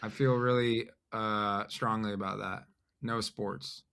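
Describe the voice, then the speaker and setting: A man chatting as a podcast guest, speaking in a halting, deadpan, self-deprecating way. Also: on the low side, gravelly, clean tone. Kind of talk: casual conversation.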